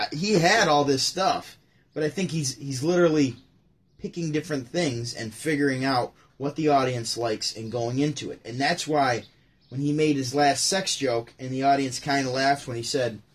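Husky man telling stories casually. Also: medium pitch, moderate pace. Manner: rambling, animated storytelling with restarts. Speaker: host. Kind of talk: casual chat.

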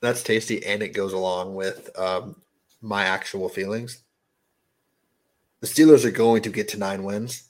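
A man co-hosting a sports podcast in casual chat, talking in halting restarts and laughing easily. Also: fairly low pitch, steady tone. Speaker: podcast co-host.

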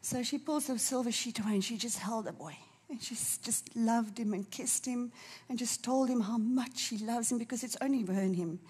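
A woman delivers a heartfelt sermon. Her voice is husky and sits fairly high. She preaches with fervent emotion and sinks to a soft near-whisper at tender moments. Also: normal speed.

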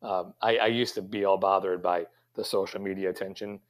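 A man's voice: sits low, steady tone, a little fast. A middle-aged man, a pastry chef guest, answering interview questions in a rambling, reflective way with many fillers and restarts.

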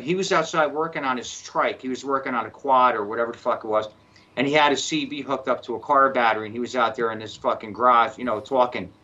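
A man tells a story in a cursing, animated way and jumps into other people's voices as he goes. The sound is dull and lo-fi. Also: medium pitch. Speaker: podcast guest. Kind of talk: casual storytelling.

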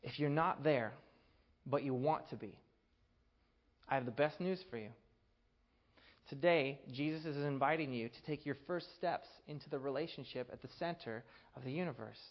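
A man preaching a sermon, earnest, building to emphatic peaks and dropping to a hushed voice to tell a story. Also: medium pitch, normal speed, lo-fi sound.

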